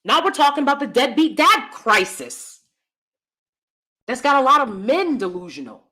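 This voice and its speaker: Fiery animated American woman host. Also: high-pitched, normal speed. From United States. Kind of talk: livestream commentary reading super chats.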